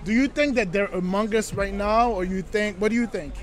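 A man with a strikingly high voice runs a playful street interview outdoors at night. He teases and jokes with the people he stops. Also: brisk. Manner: playful, teasing.

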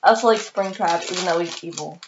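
A woman's voice: fairly low pitch, quick pace, highs cut off, background noise. Chatty woman vlogger with hiccups. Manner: chatty and excitable, many ums and sos. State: has the hiccups. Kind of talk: casual haul video chat.

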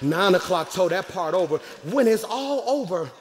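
A pastor in his forties preaching a live sermon in a church, shouting and sing-song, calling out for the congregation to answer back. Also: high voice, expressive, normal speed, in a large hall. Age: 40s.

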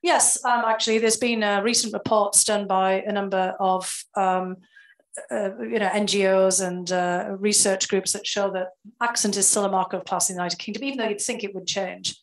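A woman with a carefully enunciated Northern English accent, answering interview questions in a measured, explanatory way with frequent fillers. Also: mid-range voice, steady tone, poor audio. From England. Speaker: guest, former security official.

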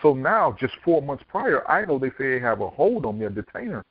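Brisk male guest storyteller, fast delivery over a phone-quality line. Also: medium pitch, sing-song, husky, no room sound. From Miami, Florida. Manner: vivid storyteller who acts out quoted dialogue. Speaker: podcast guest, author and speaker. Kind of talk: telling his life story in an interview. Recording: dry, tinny phone-like line.

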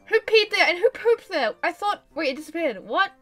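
A woman giving casual let's-play commentary, chatty and excitable, talking to the pets on screen. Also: very high-pitched, moderate pace, hardly any pauses, faint music behind. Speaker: gameplay commentator.

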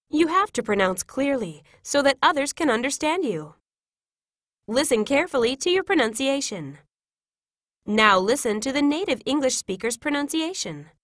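A woman reading example classroom phrases in a clear, careful, instructive way. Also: high-pitched, a bit bright, dry recording, clean studio sound. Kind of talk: scripted reading of example sentences.

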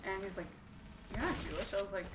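A woman's voice: medium pitch, fast. A young woman telling stories casually while playing a game, profane and laughing as she talks. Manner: profane, laughing, animated storyteller. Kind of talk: casual storytelling over gameplay. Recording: roomy, distant, noisy room recording.

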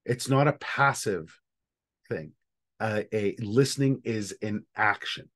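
A man's voice: lowish voice, slow pace, a bit bright. A man leading an online training session for facilitators, talking casually and thinking aloud with fillers.

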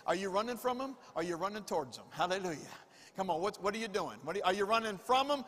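A man's voice: sits high, animated, fast, fairly bright tone. A male pastor preaching a sermon, repeating phrases with emphasis and calling on the congregation to answer back. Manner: repetitive, emphatic preaching with call-and-response. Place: church sanctuary. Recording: long reverb of a church hall.

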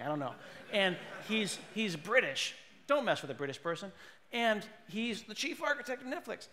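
Male conference speaker, playful comic delivery, slightly high pitch, hall reverb. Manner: animated, jokey, mimics people with put-on voices. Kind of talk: comedic tech keynote.

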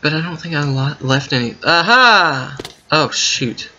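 A man commenting while playing a game, thinking out loud and breaking into excited yelps and gasps. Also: medium pitch, slow pace. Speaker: gaming video creator. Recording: muffled lo-fi mic with faint keyboard typing.

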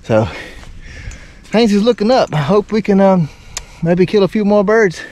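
Guy in his 30s filming a duck hunt with his kid, higher voice, faint outdoor noise, gets hyped. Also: a little slow. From Alabama. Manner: excited, laid-back Southern drawl, hushed whispers when birds near. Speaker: duck hunting father and channel host. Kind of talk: casual outdoor hunting vlog. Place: outdoors at a marsh blind by water. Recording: outdoor camera mic with faint wind and water noise.

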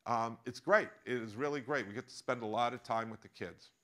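A man's voice: medium pitch, fairly quick, sharp tone, lightly acted. A man with an American accent voicing an eager, chatty former consultant, a woman who is also a mother, as part of a told story.

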